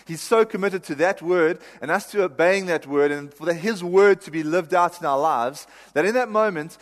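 A male pastor giving a sermon in a conversational, self-deprecating way, laughing at himself now and then. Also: a little high. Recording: reverberant hall.

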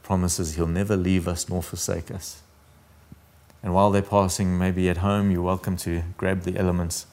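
A man's voice: low voice, little pitch movement, normal speed, darkish tone. A man preaching a sermon as pastor, earnest and intimate, often dropping his voice almost to a whisper.

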